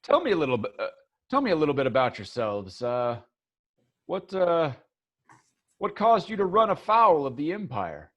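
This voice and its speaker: A man voicing a courteous, gracious male captain who speaks in a polite, measured way, on a dull lo-fi recording. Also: fairly high pitch, big pitch swings, a bit bright.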